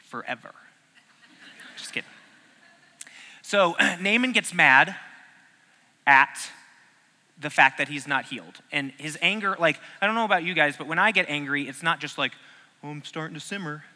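A man gives a relaxed, joking sermon to an audience he keeps questioning. His voice sits a bit high and sounds very bright and sharp. It rings out with the long reverb of a big hall. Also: normal speed, long pauses. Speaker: preacher. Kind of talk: casual teaching sermon.

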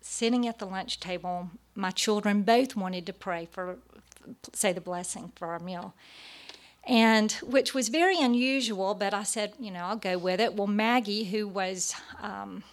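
A woman's voice: medium pitch, unhurried. A middle-aged woman giving a personal testimony to a church audience, storytelling with frequent hesitant fillers. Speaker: speaker at a church gathering.

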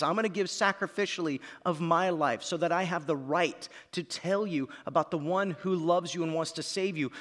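A man in his thirties preaching a sermon, dropping to quiet lines and then building to shouts. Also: on the high side. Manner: dramatic, swings from quiet to shouting. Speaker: pastor. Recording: long reverb of a large hall.

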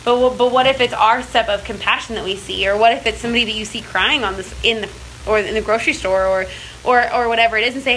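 A woman's voice: a little high, fairly even intonation, quick pace, a bit bright, a little hiss or hum, low-quality recording. A young woman telling personal stories in a casual faith talk, chatty and full of filler words and restarts. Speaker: speaker in a church series.

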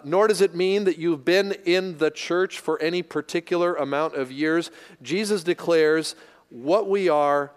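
A man's voice: on the high side, big-room sound. A man from the United States preaching a sermon as a pastor, earnest and building to emphatic repetition.

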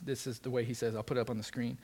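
A man preaching a sermon as pastor, in a conversational, animated way, acting out quotes and asides. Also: mid-range voice, rapid-fire, breathy edge.

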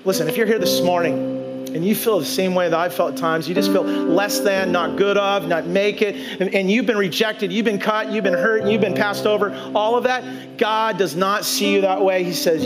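High-voiced pastor telling a personal story. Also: male voice, moderate pace, over loud music. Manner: conversational, acts out his own dialogue. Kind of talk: storytelling sermon. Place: church sanctuary.

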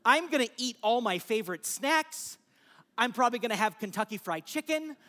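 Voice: mid-range voice, expressive, moderate pace, bright, forceful tone. A preacher voicing a terrified exiled nobleman and his panicked, rambling thoughts in a sermon retelling. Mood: fearful.

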